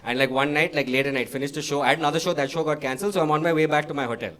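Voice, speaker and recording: A man's voice: fairly high pitch, racing, fairly bright tone. A young man with an Indian English accent doing a stand-up comedy set, telling a story in a loose, chatty way and acting out the dialogue. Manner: conversational storytelling with acted dialogue.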